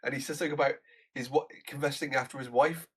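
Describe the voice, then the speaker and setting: A man co-hosting a movie podcast, talking in halting bursts and laughing often as he recalls scenes. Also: mid-range voice, fairly even intonation, slightly rough. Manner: halting, laughs often, loses his train of thought. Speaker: podcast co-host. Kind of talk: casual movie review chat.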